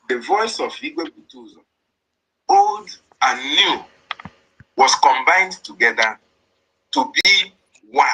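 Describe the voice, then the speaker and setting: Over a low-quality recording, a man with a Nigerian accent speaks on a political online broadcast in a high-pitched, sharp, husky voice. He's emphatic and repetitive, hammering his points home in a fiery monologue that attacks his opponents.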